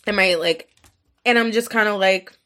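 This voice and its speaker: A woman's voice: medium pitch, normal speed, fairly bright tone. A young woman hosting a podcast, telling a story in casual, frank, profane talk full of filler words. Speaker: podcast host.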